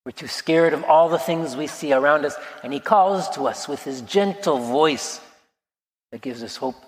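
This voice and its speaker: Man around sixty, priest, soft reflective sermon storyteller, slightly high voice, long hall reverb. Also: normal speed.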